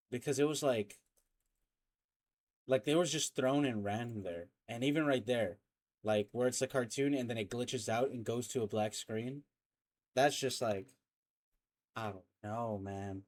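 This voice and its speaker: A young man reacts to a horror series in casual, rambling commentary. He trails off, restarts and throws in slang as he thinks aloud in a mid-pitched everyday voice. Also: a little slow, pauses often. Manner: rambling, hesitant, lots of fillers and slang. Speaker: reaction video host.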